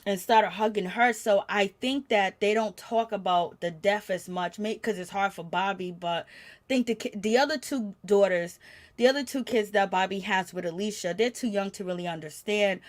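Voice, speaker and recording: A woman giving a chatty, gossipy recap of a reality show, growing animated when she quotes the people in it. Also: medium pitch, normal speed. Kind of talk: casual recap commentary.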